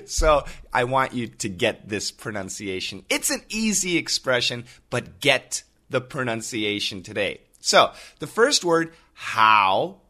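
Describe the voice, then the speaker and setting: An American man teaches English in a podcast lesson. He talks slowly and clearly, repeating each phrase with a bright tone. His pitch swings up and down a lot. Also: wildly swooping pitch.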